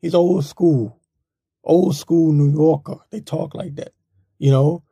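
Man, blunt opinion monologue, very dark husky gravelly voice, dry close sound. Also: fairly high pitch, slow pace, no room sound. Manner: blunt, rambling, mocking. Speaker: political commentator.

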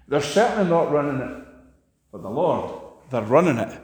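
A man preaching a sermon, impassioned, swinging sharply between loud and quiet. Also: very animated, normal speed, slight background noise. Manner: impassioned, rises and drops sharply in pitch and volume. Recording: long hall reverb.

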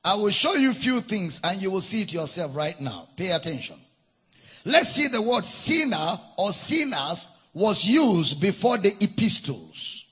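A man with a Nigerian accent preaching a sermon, teaching with deliberate emphasis and spelling out words. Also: high voice, sing-song, a bit bright, breathy edge. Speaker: pastor.

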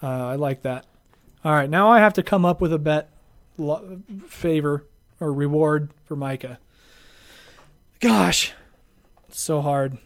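A man's voice: fairly high pitch, a little slow, long pauses. A man hosting a sports podcast in casual chat, rambling and laughing often. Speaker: podcast host.

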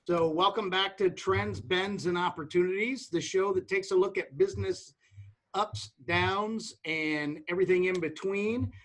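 A man's voice: high-pitched, steady tone, measured pace, fairly bright tone. Older man hosting a business show. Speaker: co-host of a business talk show. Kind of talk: scripted show opening and casual banter.

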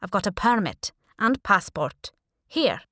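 A woman voicing a middle-aged fishing boat skipper who answers plainly and calmly. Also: medium pitch, a little slow, dry recording, clean studio sound, exaggerated voice. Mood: steady. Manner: plain, matter-of-fact answers.

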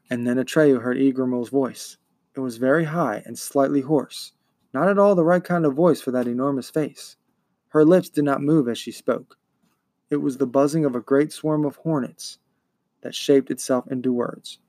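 A man reading a novel aloud in a measured, deliberate storytelling voice. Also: mid-range voice, steady tone, darkish tone, no room sound, studio quality. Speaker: reader. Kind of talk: audiobook reading.

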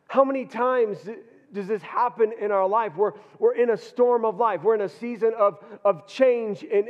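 Guy pastor preaching, kinda high voice, sounds muffled and dull, lots of "we're, we're". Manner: earnest preaching with frequent repeated words. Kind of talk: sermon. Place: church hall. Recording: dull reverberant church hall.

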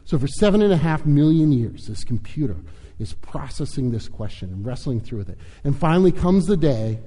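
A pastor talking casually and chattily in a slightly higher voice, trailing off into fillers as he retells a story. His voice carries through a large sanctuary with a long reverb. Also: big pitch swings, fairly quick, warm tone. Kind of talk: sermon with storytelling.

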